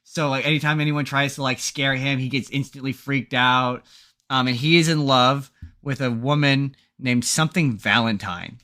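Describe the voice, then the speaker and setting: A man's voice: medium pitch, steady tone, moderate pace, sharp tone. A man co-hosting a podcast, chatting casually and rambling through movie plots with lots of fillers and restarts. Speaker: podcast co-host. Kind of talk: casual chat.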